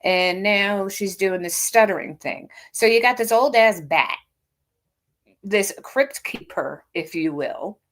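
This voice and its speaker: A woman in her fifties talks through a casual livestream in a mid-pitched voice. She reads a critic's posts aloud and answers them with blunt, sarcastic, mocking asides. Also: slow pace. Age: 50s. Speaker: livestream host. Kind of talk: casual reaction stream.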